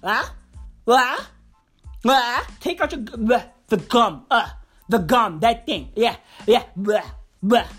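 A woman's voice: on the high side, animated, takes it slowly, slightly rough, faint music behind, voice pushed down, exaggerated voice. A woman voicing a flustered male security guard who stammers and fumbles over his words. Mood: insistent, flustered.

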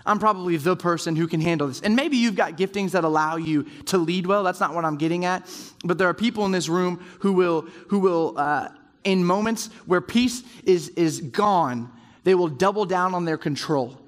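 A man's voice: high voice, normal speed, big-room sound. A man giving a conversational sermon to a room of men, acting out quoted inner voices as he goes. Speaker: speaker at a men's group. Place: large room with round tables.

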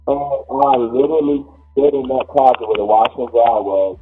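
A man from Maryland telling a personal story in a casual, animated way and acting out what people said. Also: medium pitch, normal speed, phone-quality sound, soft background music. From Maryland, USA. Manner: animated, quotes people as he tells it.

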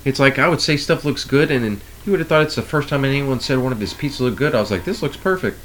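A man's voice: mid-range voice, fast, fairly bright tone, a little hiss or hum. A man co-hosting a podcast, chatting casually and animatedly, acting out coworkers' lines and swearing freely. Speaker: podcast co-host. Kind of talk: casual chat.

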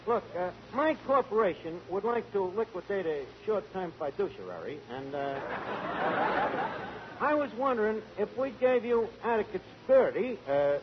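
Casting: a scheming wise-guy barkeep, lively highish voice, hissy old radio broadcast. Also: lo-fi sound. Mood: wisecracking. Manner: brash, fast-talking, mangled grammar. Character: brash fast-talking tavern manager, a scheming wise guy. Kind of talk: 1940s radio comedy.

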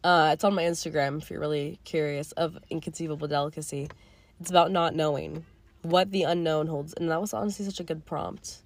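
A teenage girl hosting her own podcast, talking in a candid, rambling way with casual swearing and a voice going a little hoarse. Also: low-pitched, fairly even intonation, a little fast. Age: teens. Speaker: podcast host. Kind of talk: casual reflective monologue.

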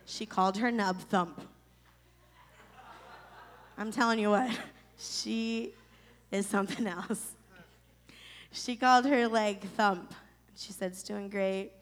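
Woman in her thirties from Florida, emotional and halting personal testimony, reverberant space. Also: a little high, a bit bright. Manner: emotional, halting, many restarts. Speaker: storyteller sharing a personal testimony. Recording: long reverb.

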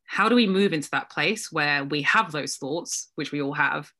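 A woman's voice: low voice, moderate pace, bright, forceful tone. A woman guest speaking reflectively about her own doubts, self-deprecating and laughing often in a casual conversation. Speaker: guest, business coach.

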